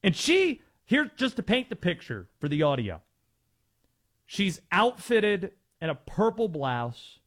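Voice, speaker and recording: Sports radio guy on a rant, high voice that jumps all over, slow and punchy. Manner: animated, emphatic, mocking. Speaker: sports talk radio host.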